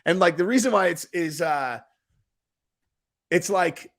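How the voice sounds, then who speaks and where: Guy with a high-ish voice riffing on a clip, rambly, excitable. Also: a little slow. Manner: animated, rambling, repeats "dude" and "like". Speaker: host reacting to a video. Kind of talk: casual reaction commentary.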